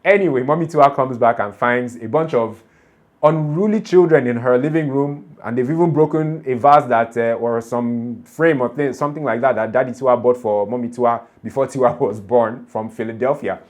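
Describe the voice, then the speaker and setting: A man, talking through a show episode in a casual, animated way and often breaking into laughter. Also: medium pitch, normal speed. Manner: chatty, animated, laughs often while recapping. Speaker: TV show reaction vlogger. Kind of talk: casual episode recap and commentary.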